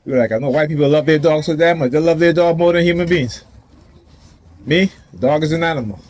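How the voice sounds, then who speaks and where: Man, slightly high voice, defiant street rant, confrontational, outdoors vlog. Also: brisk, darkish tone. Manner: defiant, confrontational, laughs often. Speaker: vlogger. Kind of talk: casual ranting monologue to camera.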